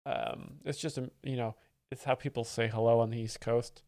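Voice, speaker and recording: A man's voice: mid-range voice, fairly even intonation, moderate pace, vocal fry, dry recording. A man chats over a stand-up clip on a live stream, wry and rambling as he explains the jokes. His voice sits in the middle range and sounds dry and close to the mic, with no room around it. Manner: wry, rambling, reads donations aloud. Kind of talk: casual live-stream commentary.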